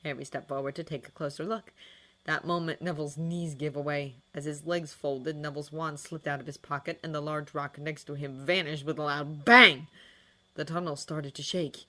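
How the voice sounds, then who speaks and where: Female narrator, low register, expressive dramatic audiobook reading. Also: moderate pace. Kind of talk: fan fiction audiobook reading.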